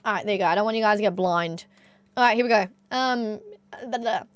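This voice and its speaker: A woman's voice: mid-range voice, quick pace, no echo. A young Australian woman with an Australian accent, chatting casually with her live-stream audience, laughing often. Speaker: livestreamer.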